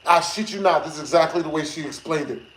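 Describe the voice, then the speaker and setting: A man streaming games who tells a story to his chat in a lively, slangy way, laughing often and swearing. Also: fairly high pitch, fast talker. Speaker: gaming streamer. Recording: echoey room with faint noise.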